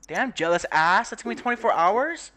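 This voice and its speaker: A young man riffs over a life-simulation game in casual commentary, swearing freely and laughing at his own jokes. His voice is bright and swings widely in pitch, sitting a little higher than most men's. A faint noise hums behind him. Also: expressive, a little fast. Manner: profane, laughing, teasing, mock voices. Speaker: gaming video creator.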